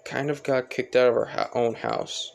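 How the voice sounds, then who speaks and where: A man reading aloud, voicing a kind teenage boy who speaks gently and reassuringly. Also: medium pitch, flat delivery, normal speed, vocal fry, slight background noise, natural voice. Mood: gentle.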